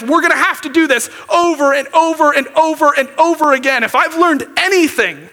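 A man preaching a sermon as a pastor, talking conversationally, often checking in with "okay?" and sometimes bursting into emphatic near-shouts. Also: very high-pitched.

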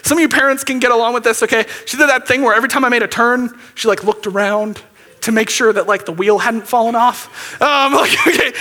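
A man preaching a sermon as a pastor, talking conversationally, often checking in with "okay?" and sometimes bursting into emphatic near-shouts. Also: very high-pitched.

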